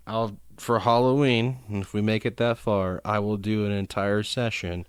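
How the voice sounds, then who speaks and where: Man, podcast co-host, rambly and self-mocking, smooth voice. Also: lowish voice, fairly even intonation, measured pace, no echo, studio quality. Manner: rambling, laughs often, self-deprecating. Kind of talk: casual comedic chat.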